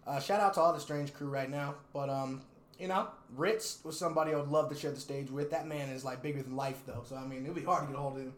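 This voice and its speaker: Fast-talking and fairly even in intonation, a young rapper and videographer with a mid-range voice chats casually as an interview guest. He's laid-back, swears freely and laughs often, and the recording has a roomy echo.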